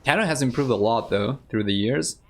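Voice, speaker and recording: An Argentine man whose first language is Spanish casts a strategy game live, speaking in a mid-range voice at a slightly fast clip with a little background noise. As a game caster and streamer, he's easygoing, thinks out loud, and chats with his viewers.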